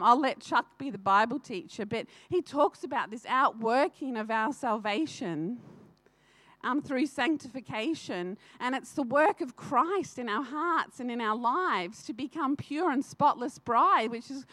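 Fervent high-voiced woman testifying. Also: expressive, measured pace, a bit bright, no echo. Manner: fervent, earnest, laughs often, addresses the congregation directly. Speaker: church speaker sharing a testimony. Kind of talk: personal testimony in a church service.

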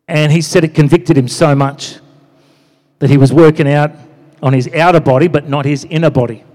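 A man's voice: a little high, fairly quick, a little mellow. Man preaching in a reverberant hall. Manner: conversational, frequent "you know" and "amen?" asides. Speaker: pastor. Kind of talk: sermon.

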